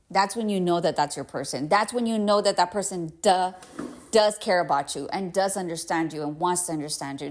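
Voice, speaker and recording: A woman with a fairly low voice hosts a casual solo podcast. She talks candidly and emphatically, leaning on filler words and blunt swearing. She sounds a bit congested. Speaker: podcast host.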